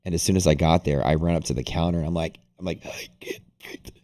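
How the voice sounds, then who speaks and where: Very deep-voiced man telling a rambling story. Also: rapid-fire. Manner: rambling, animated, heavy use of "like". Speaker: day-trading livestream host. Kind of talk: casual storytelling to a live audience.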